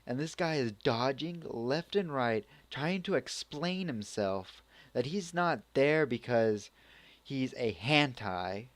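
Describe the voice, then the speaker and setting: Male amateur reviewer, unhurried, loose and rambling delivery. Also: mid-range voice, animated, dry recording. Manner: rambling, full of restarts and acted reactions. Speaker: anime reviewer. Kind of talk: casual spoken review.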